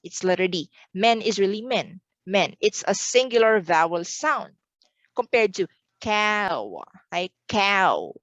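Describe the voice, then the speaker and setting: A woman's voice: medium pitch, moderate pace, dry recording, lo-fi sound. A woman from the Philippines giving an online exam review lesson, repeating words carefully for pronunciation drills.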